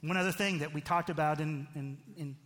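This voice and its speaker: A man's voice: fairly high pitch, fairly even intonation, a little fast, a bit bright, long reverb tail. A middle-aged man preaching a sermon as a pastor, in a conversational way that keeps checking in with the listeners. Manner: conversational, frequent "right?" asides.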